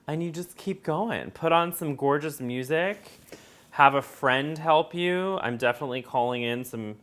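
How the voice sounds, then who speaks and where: A man of middle pitch hosts a home cooking tutorial in a chatty, friendly way. He speaks directly to his viewers and lifts his pitch on the excited phrases. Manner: upbeat and chatty, talking straight to viewers. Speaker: cooking video host.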